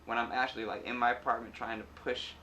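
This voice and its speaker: Talking fast in a flat, pushed, bright mid-range voice, a thirty-something actor recounts his own story in an interview. He's candid and reflective, though stutter blocks and repeated sounds break up his speech, and there's slight background noise.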